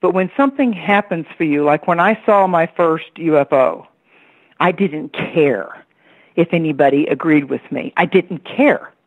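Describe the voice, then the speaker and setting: A woman's voice: deep voice, a little slow, husky, no echo. A woman from Tennessee, a psychic astrologer guesting on a radio show, telling stories from her childhood and acting out her relatives' voices. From Tennessee, USA. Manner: lively storyteller who acts out the voices of relatives. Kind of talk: personal storytelling on a call-in radio show. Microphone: telephone. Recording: dry, tinny phone line.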